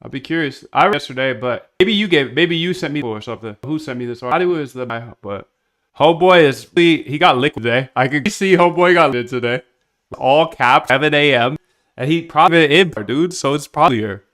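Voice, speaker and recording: A man live streaming while he builds software, chatting in a rambling, slangy way and reacting to his chat. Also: a little high, lively intonation, fairly quick.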